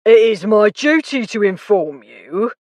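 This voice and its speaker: Formal, intoning policeman, read by a woman, measured and dry. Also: mid-range voice, animated, a little mellow, no room sound, close to an everyday voice.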